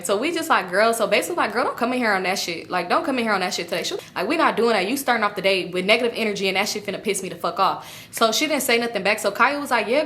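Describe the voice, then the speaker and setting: A young woman with a bright, forceful voice sitting a little higher than most, chatting through a storytime vlog. She jumps between her own telling and her friends' voices, full of attitude and quick back-and-forth. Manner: animated, acts out friends' lines with laughs. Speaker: storytime vlogger. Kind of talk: casual storytime chat.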